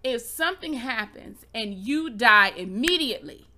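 Bright, insistent woman reasoning aloud. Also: on the high side, animated, normal speed, slight background noise. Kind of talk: casual faith conversation.

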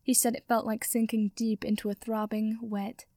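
A taunting young male vampire, crude and predatory, who growls and sneers, as a woman reader puts him on. The voice sits a little high and sounds dry and close, with no room around it. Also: level tone, normal speed, mellow, no room sound, natural voice. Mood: sneering.

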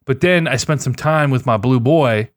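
A man in casual gaming chat, telling excitable, profane stories about his catches. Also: mid-range voice, normal speed, no echo, studio quality.

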